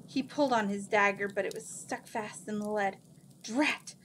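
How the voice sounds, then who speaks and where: A woman reads a fantasy novel aloud at a steady, unhurried pace. Her voice sits in a middle pitch. A faint hiss runs underneath. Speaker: reader. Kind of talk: reading a fantasy book aloud.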